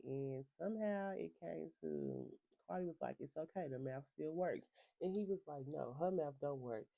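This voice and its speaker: Gravelly gossipy recap voice, super dark and dry, cussing and cackling a lot. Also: mid-range voice, no echo, highs cut off. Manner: profane, sassy, laughs often. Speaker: reality TV recap reviewer.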